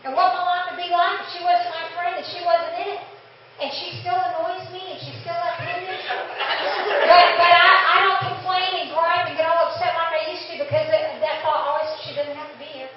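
High-voiced woman, distant in an echoey hall. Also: steady tone, moderate pace, a faint crowd. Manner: chatty, laughing, acts out inner dialogue. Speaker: testimony speaker. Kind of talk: church testimony talk. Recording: distant, echoey, dull church room.

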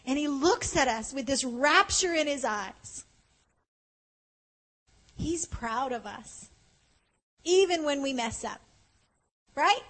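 A woman preaching a conversational sermon at a conference, earnest and animated, slowing down to stress key points. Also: high-pitched, poor audio. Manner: earnest, animated, often slows for emphasis. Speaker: conference speaker.

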